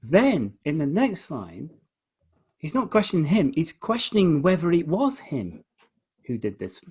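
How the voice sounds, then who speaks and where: A man's voice: a little high, huge pitch swings, measured pace, darkish tone, slightly rough. A man hosting a casual conversation, enthusiastically explaining poetry and often restarting his phrases. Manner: enthusiastic, explains by reading lines aloud and stressing beats. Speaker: host, musician.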